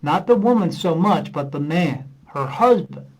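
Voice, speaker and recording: A man's voice: fairly high pitch, animated, measured pace, low-quality recording. A man who works as a medium, a podcast guest telling casual stories and acting out conversations with plenty of uh fillers. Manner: rambling anecdotes, acting out dialogue with many uh fillers. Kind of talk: casual storytelling in a podcast interview.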